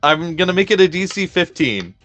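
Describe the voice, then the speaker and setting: A man's voice: high-pitched, very animated, a little fast, a bit bright, soft background music. A man running a tabletop game as game master, making rulings and playfully describing the action.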